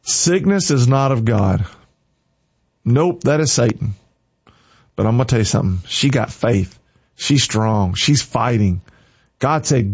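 A man's voice: mid-range voice, animated, slow, pauses often, a little mellow, breathy edge. A man preaching an informal sermon with fervent, punchy, repeated exhortations. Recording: slightly dull lo-fi recording.

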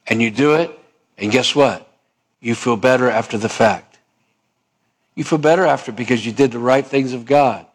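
A man's voice: medium pitch, moderate pace, long pauses. A man preaching a sermon as a pastor, talking in a conversational way, asking questions of his listeners and reading scripture aloud.

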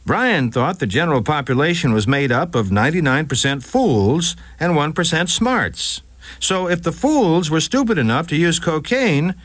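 A man's voice: fairly high pitch, a bit bright, no echo. A man narrating a scripted radio crime story with a wry touch.

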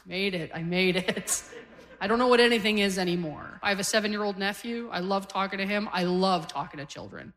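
A woman's voice: mid-range voice, a little fast, fairly bright tone, big-room sound. A woman in her forties from Canada doing a stand-up comedy set on stage, telling wry, conversational stories to a live crowd. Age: 40s. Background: audience laughter.

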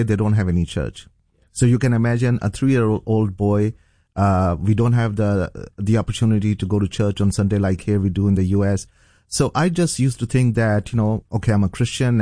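Earnest middle-aged pastor. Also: male voice, lowish voice, warm tone, dry recording, clean studio sound. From Pakistan. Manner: earnest, halting, with many fillers and restarts. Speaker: pastor and guest. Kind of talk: telling a personal testimony.

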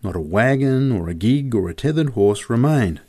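A man's voice: medium pitch, lively intonation, moderate pace, a little mellow. A man narrating a story in a vivid, descriptive reading.

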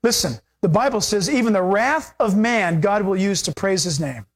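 Brief: male pastor, sermon delivery, lively and animated, acts out dialogue. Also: high-pitched, moderate pace. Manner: animated, acts out quoted voices with laughter.

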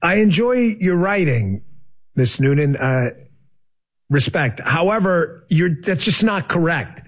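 Male show host, high-pitched voice, combative and sarcastic political commentary. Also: expressive, unhurried, husky. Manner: combative, sarcastic, rising to heated outbursts.

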